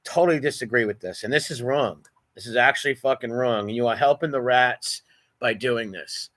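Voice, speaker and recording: A man's voice: mid-range voice, normal speed, fairly bright tone. Blunt, profane New man. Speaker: commentary channel host. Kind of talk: reaction commentary on a clip.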